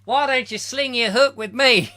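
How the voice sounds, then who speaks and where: A man putting on a loud, high mock Australian accent as a cheerful young Australian man with a dragon. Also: normal speed. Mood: jolly. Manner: loud, high, jokey caricature.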